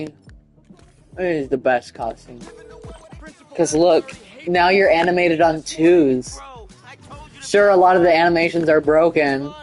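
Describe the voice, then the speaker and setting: A woman giving comedic, rambling gameplay commentary in a put-on British accent. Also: low voice. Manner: mock British impression, excitable, rambling. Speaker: gaming YouTuber.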